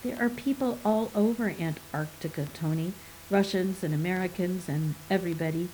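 A woman reads a scheming man who weighs each idea with earnest, thoughtful care. His voice is mellow and sits at an ordinary pitch. This is storybook narration with a soft faint hiss behind it. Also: normal speed, close to an everyday voice, low-quality recording. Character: scheming man working out a hoax.

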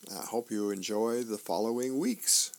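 A man, a volunteer reader, reading newspaper comics aloud in an unhurried, folksy way. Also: on the low side, creaky.

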